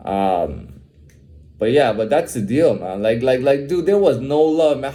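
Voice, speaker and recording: Heated young man venting, profane and repetitive, with a lively voice. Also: mid-range voice, unhurried. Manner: heated, profane, repeats himself and says "man" a lot. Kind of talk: candid personal rant.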